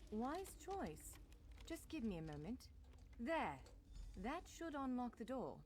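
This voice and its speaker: Polite game clanswoman, reassuring, businesslike, lively intonation. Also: fairly high pitch, slow, slight background noise. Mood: courteous. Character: courteous island clanswoman guiding a stranger. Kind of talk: video game dialogue.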